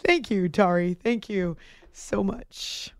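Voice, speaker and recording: A woman hosting sports radio in a casual, playful way, who sometimes breaks into high shouted impressions. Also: takes it slowly, dry recording, studio quality. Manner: playful, tries high movie-villain shouts.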